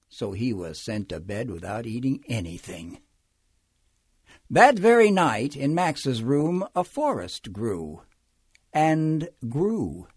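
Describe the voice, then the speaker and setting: A man reading a children's picture book aloud, acting it out with big swings from loud calls to hushed drops. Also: mid-range voice, sing-song, takes it slowly, slightly rough, no echo, studio quality. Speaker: storyteller.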